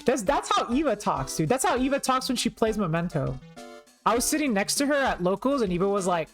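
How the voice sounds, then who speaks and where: A woman's voice: a little high, big pitch swings, brisk, soft background music. A young woman streamer chatting casually and joking with her viewers while playing, often repeating herself.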